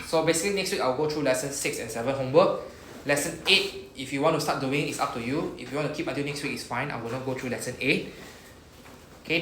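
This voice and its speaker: A man's voice: medium pitch, a bit bright. A man with a Singaporean English accent teaching a language class, explaining patiently step by step and modelling words for students to repeat. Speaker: Japanese teacher. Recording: echoey room with faint noise.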